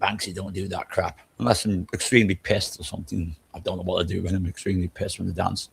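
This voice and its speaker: A man's voice: low voice, little pitch movement, quick pace, vocal fry, breathy edge. An older man chatting casually, ranting in an exasperated, profane way. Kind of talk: casual chat.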